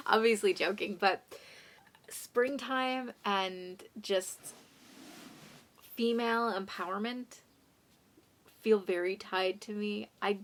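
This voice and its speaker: A young woman chatting casually about books for her vlog, self-deprecating and drifting into soft asides. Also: medium pitch. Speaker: book vlogger. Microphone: phone condenser mic.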